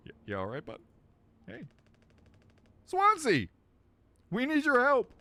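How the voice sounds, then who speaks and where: A young man giving joking, animated commentary while playing a horror game on a let's play. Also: extremely high pitch, takes it slowly. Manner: animated, joking, laughs often.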